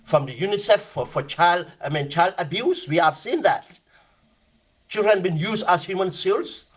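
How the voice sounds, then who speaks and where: A man's voice: high-pitched, expressive, moderate pace, husky. A man giving emphatic, impassioned political commentary, repeating phrases for stress. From Gambia.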